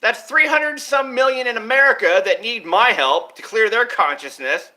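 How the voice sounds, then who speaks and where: A man talking straight to his viewers in a rambling, profane monologue, jumping between ideas and swinging widely in pitch and loudness. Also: normal speed. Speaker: vlogger.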